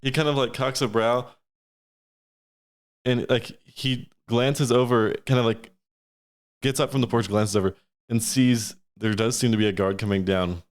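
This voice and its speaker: Laid-back guy running a tabletop game, middle pitch, chuckles a lot. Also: steady tone, measured pace, smooth. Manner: casual, laughs often. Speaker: game master.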